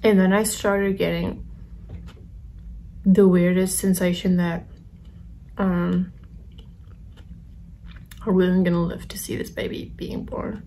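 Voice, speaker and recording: A young woman telling a personal story to camera while eating, in a soft, halting, confessional way with many pauses and ums. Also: lowish voice, little pitch movement, slight background noise. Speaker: vlogger.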